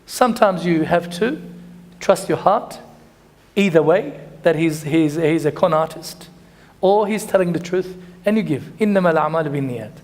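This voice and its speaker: A man with a notably high voice delivers a religious lesson to a congregation. He tells anecdotes in a conversational way, slipping in Arabic phrases, and ends in prayer. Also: lively intonation, very fast, darkish tone. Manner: storytelling with Arabic phrases and dua. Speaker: imam.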